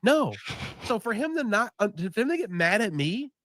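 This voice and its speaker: A man reacting to a call he was on, animated and exasperated, replaying clips. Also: sits high, normal speed, dry recording, studio quality. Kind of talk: casual reaction chat.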